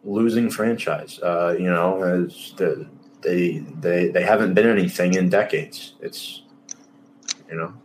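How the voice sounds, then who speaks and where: A man's voice: low-pitched, measured pace, slight background noise. Emphatic, sarcastic male sports host. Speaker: sports talk show host. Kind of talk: casual sports podcast chat.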